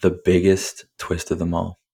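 A man's voice: deep voice, completely flat delivery, moderate pace, gravelly, mellow, slightly rough. A man hosting a podcast, casually recapping a film in a rambling, profane way and laughing often. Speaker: podcast host.

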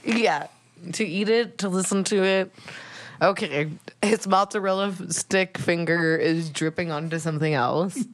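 A woman's voice: on the low side, measured pace. A woman hosting a comedy podcast, rambling and sarcastic, often breaking into giggles. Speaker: podcast host.

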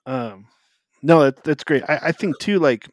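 A man's voice: on the high side, animated, measured pace, no room sound. A man co-hosting a podcast, talking casually about faith in a rambling way, with lots of fillers and self-interruptions. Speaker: podcast co-host.

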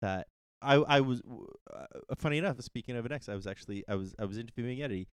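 A podcast host in his thirties, chatting candidly and laughing often, with self-deprecating humor and sudden jumps up in pitch when excited. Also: fast, clean tone, no echo, clean studio sound. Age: 30s. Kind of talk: casual chat.

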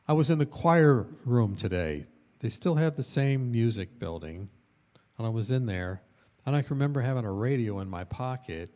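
A man preaching a sermon who tells stories with animation. His voice sits at an ordinary middle pitch and jumps to loud bursts at the high points, with laughter along the way. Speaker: pastor. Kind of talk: storytelling sermon.

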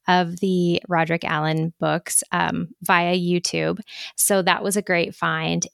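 A woman's voice: fairly low pitch, vocal fry, a bit bright, no echo, clean studio sound. A woman co-hosting a podcast in an enthusiastic, chatty way. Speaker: podcast co-host. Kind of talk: casual chat.

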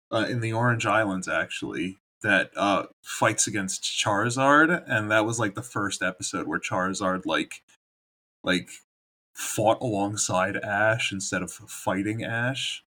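A man's voice: fairly low pitch, expressive, slow, bright, forceful tone. A man co-hosting a podcast in casual chat, rambling and laughing often. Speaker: podcast co-host.

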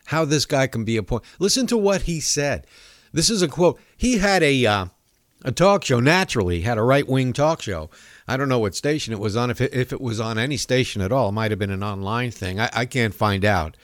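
A man's voice: medium pitch, expressive, fairly quick, no echo, clean studio sound. A man hosting a talk show, delivering a profane, mocking comedic rant monologue.

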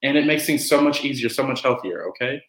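Guy guesting on a podcast, middle pitch, tells stories and does the quotes, roomy echo. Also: fast. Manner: animated storyteller who acts out quotes. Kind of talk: casual conversation.

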